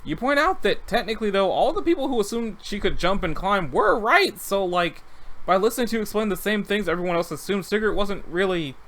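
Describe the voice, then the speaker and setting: A man reading a text game and viewer comments aloud, breaking off for wry asides. His voice sits high for a man and swings widely in pitch. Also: expressive, fairly quick, a bit bright. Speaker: let's read narrator.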